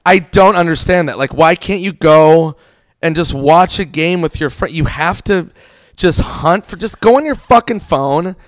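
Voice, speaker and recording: Swearing, rambling male guest; high-ish, bouncy voice, dry sound. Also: measured pace, no echo. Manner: profane, rambling storyteller. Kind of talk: casual podcast chat.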